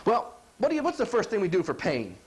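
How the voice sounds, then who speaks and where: A man's voice: high voice, fast. A middle-aged man, a chiropractor, giving a folksy health talk and acting out quotes as he goes. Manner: animated, acts out quotes, asks "you follow?".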